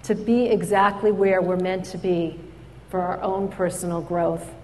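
A woman giving a storytelling speech at an event, lively as she acts out the people in her stories. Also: fairly low pitch, a little slow, slight background noise. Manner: animated storyteller, acts out quoted voices. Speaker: speaker at an event. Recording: hall reverb.

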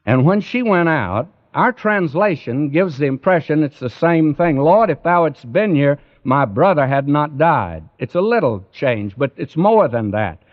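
A man preaching a sermon in a slow, emphatic cadence that rises and falls, directly addressing his listeners. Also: fairly high pitch, expressive. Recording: dull lo-fi recording.

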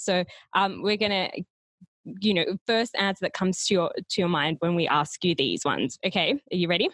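A woman with a fairly low voice hosts an interview, thanking her guest and asking questions. She is polite but hesitant, with frequent ums. The recording is dry and close. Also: fairly bright tone, no echo. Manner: polite and hesitant, many fillers. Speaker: interview host. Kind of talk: interview hosting.

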